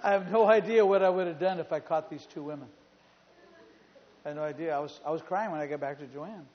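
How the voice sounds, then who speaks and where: A male pastor preaching a sermon in a church, telling stories in an animated way and repeating phrases for emphasis. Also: a little high, fast. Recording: reverberant hall, dull sound.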